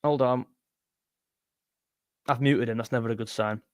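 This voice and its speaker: A young man hosting a casual fan live stream, excitable and jumpy, talking straight to his chat. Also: medium pitch, a little slow, smooth, no echo, studio quality. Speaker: football fan channel host.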